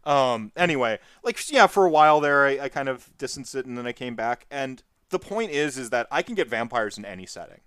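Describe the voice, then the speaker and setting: A man co-hosting a casual gaming chat, talking in an animated, rambling way full of restarts and fillers. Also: medium pitch, a little fast, few pauses, clear, resonant tone, no room sound, studio quality. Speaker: podcast co-host.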